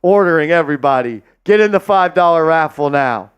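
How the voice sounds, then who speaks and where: A man hosting a live sports watch-party stream, hyped and loud as he shouts out viewers' donations and calls the game. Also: on the high side, animated, brisk, clear, resonant tone, muffled recording.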